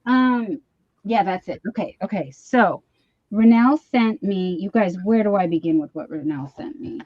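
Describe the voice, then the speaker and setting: A middle-aged woman hosting a live stream from home, chatting casually and wandering off on tangents while teasing herself. Her voice sits at an ordinary mid pitch. The sound is dry and slightly dull, like a home computer mic. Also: animated, moderate pace, no room sound. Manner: chatty, easily sidetracked, self-deprecating. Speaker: livestream host.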